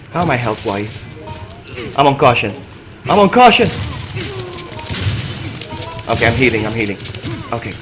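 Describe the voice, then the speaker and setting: A man streaming a co-op game, chatting excitedly with his partner and repeating himself as he reacts. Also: a little high, moderate pace, pauses often, music in the background. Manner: excitable, yelps and laughs often, repeats himself. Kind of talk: excited gaming commentary.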